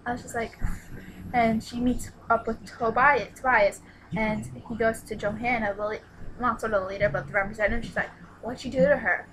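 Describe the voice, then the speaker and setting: A young woman excitedly retelling a book's plot in a casual review vlog, with lots of "like" and sudden squealed exclamations. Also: a little high, a little fast, a little hiss or hum, rough recording. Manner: excitable and gushing, exclaims "What? What?"; retells the plot with many "like"s and restarts. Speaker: book reviewer.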